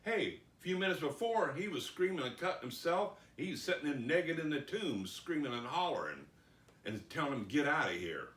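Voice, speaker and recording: Expressive man teaching the Bible. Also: a little high. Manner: reads scripture slowly and dramatically, then comments. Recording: roomy echo, distant mic.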